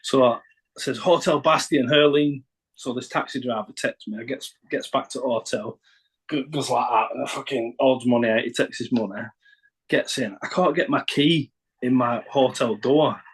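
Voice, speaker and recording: Husky sweary Northern English man. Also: mid-range voice, moderate pace, poor audio. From Northern England. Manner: sweary, rambling storyteller. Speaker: podcast guest, rapper. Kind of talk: casual anecdote telling.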